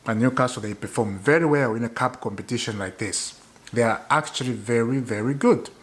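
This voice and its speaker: A man's voice: medium pitch, brisk. A young man giving a casual fan rant to camera, exasperated and repeating his points for emphasis. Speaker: football fan vlogger.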